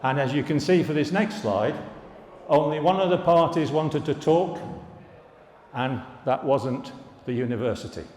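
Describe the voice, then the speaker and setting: An older man with a somewhat high voice tells stories to a live audience with dry humor and jokey asides. His voice rings out in a big hall, with a long reverberant tail behind every phrase. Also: measured pace, a little mellow, a little hiss or hum. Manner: storytelling, wry asides and jokes. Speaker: former students' union president giving an anniversary speech. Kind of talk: anecdotal speech to an alumni audience. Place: large hall at a live event. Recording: echoey hall, reverberant room.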